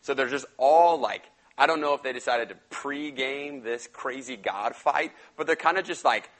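A young man giving a casual sermon, retelling a Bible story in slangy, animated talk and acting out the characters. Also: medium pitch, moderate pace, low-quality recording. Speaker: pastor.

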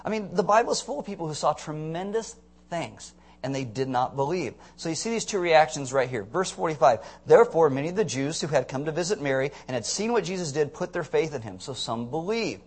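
A young man preaching a sermon, animated and joking as he tells the story, with sudden loud shouts. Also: fairly high pitch, a little fast. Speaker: pastor.

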